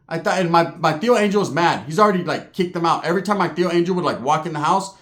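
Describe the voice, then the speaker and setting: On stage, a Southern Californian comic rattles through a long, rambling, profane story at a quick pace with few pauses, frequently ending lines with "right?" His voice sits high and sounds a bit bright in an echoey room.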